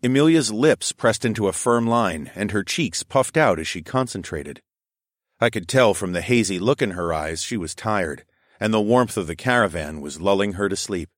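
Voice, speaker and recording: A man narrating an audiobook in the first person and voicing the lead character, in a calm, measured way. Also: on the low side, no echo, clean studio sound.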